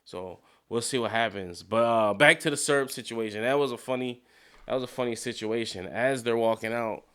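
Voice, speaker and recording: A man casually recapping a TV episode, animated and slangy, with frequent swearing and acted-out character lines. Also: medium pitch, normal speed, clean tone. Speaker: TV show recap commentator.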